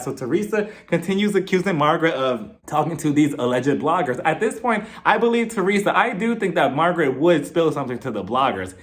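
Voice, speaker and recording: Animated gossipy man recapping reality TV. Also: a little high, quick pace, few pauses. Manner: animated, gossipy, laughs often. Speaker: TV show reviewer. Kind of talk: casual recap commentary.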